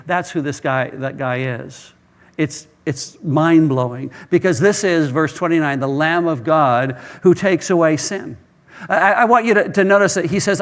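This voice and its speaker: A man's voice: a little high, unhurried. A male pastor preaching a sermon, telling stories earnestly and often repeating words as he starts a phrase.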